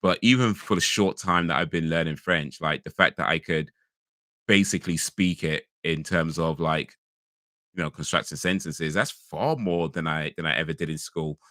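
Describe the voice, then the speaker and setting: A man's voice: extremely low pitch, moderate pace, pushed and bright, dry recording, studio quality. A man from England chatting casually with his stream viewers, rambling with lots of restarts and small laughs. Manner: rambling, frequent restarts and fillers, laughs easily. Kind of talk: casual live-stream chat.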